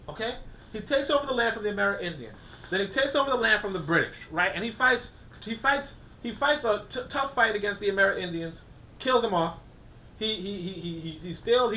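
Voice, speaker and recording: A man's voice: sits high, sharp tone. A man reading a political text aloud and commenting on it in a colloquial, emphatic way, often repeating words as he thinks. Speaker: commentator reviewing a political document. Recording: echoey, dull-sounding room.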